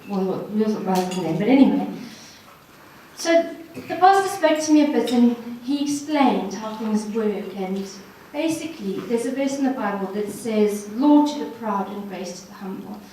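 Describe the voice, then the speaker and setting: A woman's voice: mid-range voice, animated, normal speed, warm tone, slight background noise. A woman giving an earnest, encouraging personal testimony to a ladies' gathering, speaking straight to the audience. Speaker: guest speaker. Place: hall at a ladies' social evening. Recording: echoey room from far off.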